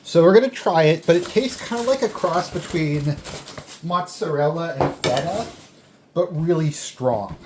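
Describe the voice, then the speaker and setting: Casual food-vlog host, rambling between bites, mid pitch, roomy echo, faint dish clatter. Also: a little slow, background noise. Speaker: food vlogger. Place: indoors at home, eating a delivered meal. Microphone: camera on a tripod.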